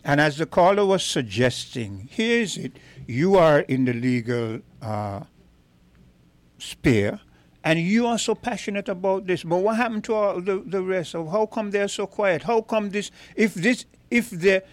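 A man hosts a radio talk show, asking measured questions with hesitant starts. His voice sits a little high and sounds dry and close in the studio. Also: expressive, dry recording.

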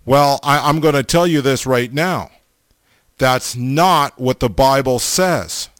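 A man's voice: mid-range voice, slow pace, fairly bright tone, smooth, no room sound, studio quality. A man preaching a sermon, blunt and emphatic, stammering over restarts and repeating himself for stress.

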